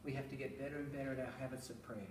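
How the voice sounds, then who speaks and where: A man's voice: mid-range voice, fairly even intonation, very fast. A middle-aged man giving a public talk on parenting, telling anecdotes with chuckles and rhetorical asides. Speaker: speaker on parenting, school educator. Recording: roomy, distant, noisy room recording.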